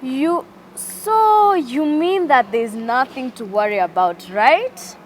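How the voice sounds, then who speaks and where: A woman's voice: high-pitched, animated, takes it slowly, slight background noise. A woman voicing a timid, fearful first man in a children's story, stammering and exclaiming anxiously.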